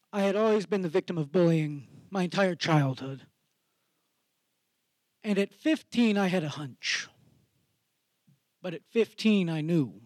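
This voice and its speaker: A man tells an earnest personal story at a slow, deliberate pace. His voice sits fairly high, and the sound is close and dry. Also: a little mellow, dry recording. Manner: slow, measured and reflective. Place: theater stage.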